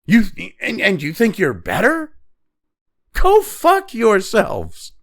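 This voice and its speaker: A man in his fifties delivers a profane, mocking opinion rant as the host of his own show. His voice sits high for a man and leaps around with lively swings in pitch. A gravelly fry runs through it as he sneers and swears. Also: slow. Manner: angry, mocking, heavy swearing. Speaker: political commentary host.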